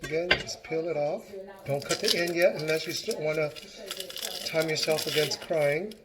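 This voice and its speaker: Chatty man with a high voice. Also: fairly even intonation, moderate pace, noisy background. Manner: chatty, encouraging, talks while chopping. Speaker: home cooking vlogger. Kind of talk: casual cooking demonstration.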